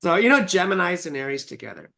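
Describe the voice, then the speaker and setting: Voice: medium pitch, big pitch swings, fast talker, creaky, sharp tone. A teasing astrologer co-hosting a live stream in casual chat. The speech is loose and profane, with a fondness for calling people sweetheart. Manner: teasing, swears freely, calls people sweetheart. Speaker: astrologer co-host.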